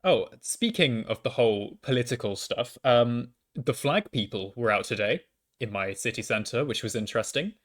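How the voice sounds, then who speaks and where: A man's voice: mid-range voice, lively intonation, moderate pace, a bit bright. A young man, a university student, telling a casual storytime monologue into a microphone at home, often stammering and restarting with self-deprecating asides. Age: young adult.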